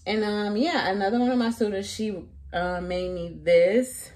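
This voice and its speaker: A chatty woman vlogs casually as a teacher, with slangy asides and frequent laughs. Her pitch sits at a middle level for a woman. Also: steady tone, measured pace, darkish tone, a little hiss or hum. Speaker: elementary school teacher. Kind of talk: casual vlog.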